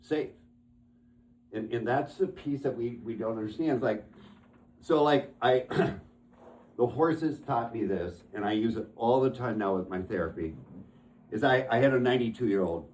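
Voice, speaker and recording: A man's voice: medium pitch, measured pace, long pauses, darkish tone. A man who works as a therapist, telling stories from his practice in an earnest conversational way and often restarting his phrases.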